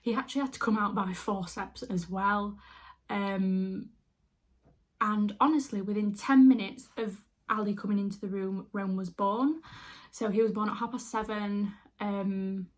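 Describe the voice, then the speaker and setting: A woman's voice: medium pitch, steady tone, unhurried. A young woman telling a personal story to camera in a chatty, casual way, full of filler words. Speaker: beauty vlogger.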